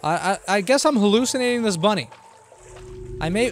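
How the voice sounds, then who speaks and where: A man's voice: high voice, animated, brisk, faint music behind. A man streaming live gameplay, talking playfully to the game's characters and rambling aloud to himself as he goes. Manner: playful, jokey, talking back to game characters; rambling self-talk with frequent restarts.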